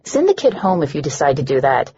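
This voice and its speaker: A woman narrator voicing a bitter, sharp-tongued young woman who sneers at everyone. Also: sits low, big pitch swings, fast talker, lo-fi sound, slight background noise, voice pushed down. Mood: scornful. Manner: sneering, scornful.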